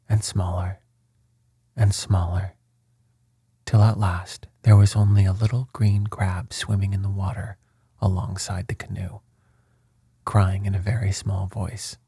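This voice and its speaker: A man reads a storybook aloud, unhurried and soft, often dipping into whisper. His voice is low, dark and very breathy, recorded close and dry. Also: no room sound.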